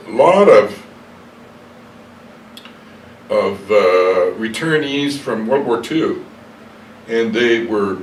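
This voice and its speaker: An older man being interviewed, telling stories from his past in a rambling, hesitant way, full of fillers and self-corrections. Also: mid-range voice. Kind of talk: reflective storytelling interview. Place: hotel room. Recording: echoey room, distant mic, faint hiss.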